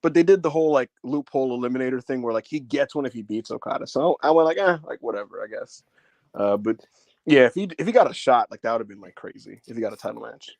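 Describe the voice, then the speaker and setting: Male co-host, animated and lively, cursing and laughing, dry close recording. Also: medium pitch, fast, vocal fry, dry recording. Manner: animated, laughing, swears freely. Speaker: podcast co-host. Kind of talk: casual chat.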